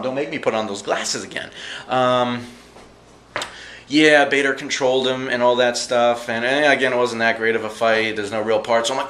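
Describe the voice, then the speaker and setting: A man's voice: medium pitch, steady tone, moderate pace, a bit bright. Male vlogger, casual fight recap, slangy and jokey, roomy echo with faint hiss. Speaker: vlogger reviewing fight events.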